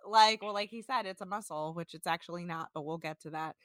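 A woman's voice: fairly low pitch, fairly quick, no echo. A young woman hosting a podcast, chatting animatedly and casually with many filler words as she recaps a show. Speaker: podcast host.

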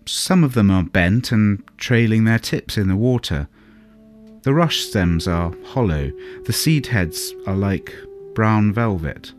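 A man's voice: fairly low pitch, animated, slow, soft background music. A man voicing a polite, earnest young man lost in a forest, who stumbles over his words.

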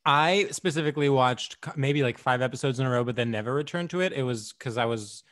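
Young man, podcast co-host, casual banter, self-mocking, laughs easily, mid-pitched voice. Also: fast, a bit bright. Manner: self-deprecating, laughing, playful. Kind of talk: casual chat.

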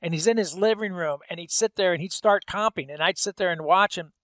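A man with a notably high-pitched voice hosts the interview, recorded dry and close with no room sound. He affirms his guest often and shares stories of his own. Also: a little fast, a bit bright, no echo. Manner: engaged, frequent affirmations, storytelling. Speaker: interview host. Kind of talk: conversational interview.

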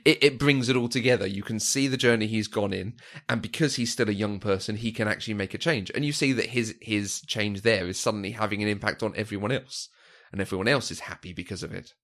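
A man's voice: lowish voice, fast, a bit bright. A man co-hosting a film discussion, talking thoughtfully and casually and repeating words as he thinks. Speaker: film review podcast co-host.

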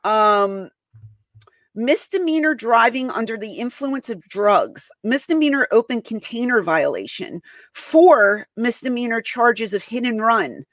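A woman's voice: fairly high pitch, lively intonation, unhurried, no echo. A woman hosting a podcast in casual chat, talking emphatically with many restarts and repeated words. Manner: emphatic, repeats herself, exasperated. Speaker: podcast host.

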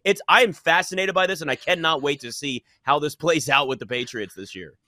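A man's voice: fairly high pitch, a little fast, pushed and bright, no echo, studio quality. A man hosting a sports talk debate, emphatic and opinionated.

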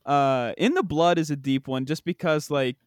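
A man's voice: fairly high pitch, moderate pace, clear, resonant tone. A young man chatting on a comedy podcast, laughing often and saying "bro" and "dude" a lot. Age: young adult. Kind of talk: casual comedic chat.

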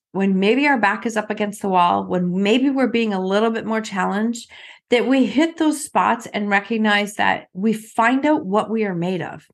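A middle-aged woman giving a motivational talk in an earnest, coaching way, putting questions to the listener. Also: medium pitch.

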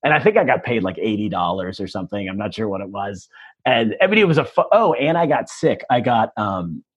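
A man's voice: fairly low pitch, very animated, brisk, breathy edge, highs cut off. A male stand-up comedian telling stories in a casual interview, self-deprecating and rambling with restarts.

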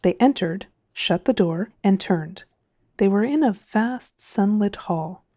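A woman reading a science fiction story aloud in a measured, expressive way. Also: mid-range voice, dry recording, clean studio sound. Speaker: narrator. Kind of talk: audiobook narration.

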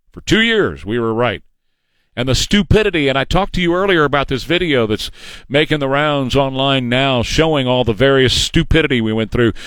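A man's voice: a little high, a bit bright, dry recording. Combative man. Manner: combative, sarcastic, mocks opponents in put-on voices. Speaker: radio talk show host. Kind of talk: opinionated political monologue.

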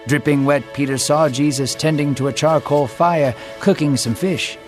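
A man narrating a scripted Bible story in a steady storytelling manner. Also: fairly high pitch, normal speed, soft background music.

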